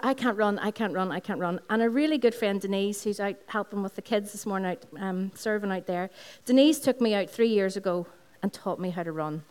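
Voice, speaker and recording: A woman's voice: mid-range voice, darkish tone, clear, resonant tone. A woman pastor with a Northern Irish accent preaches at a Sunday service in a school hall. She tells personal stories, repeats phrases and speaks directly to the congregation. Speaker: lead pastor. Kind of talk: sermon.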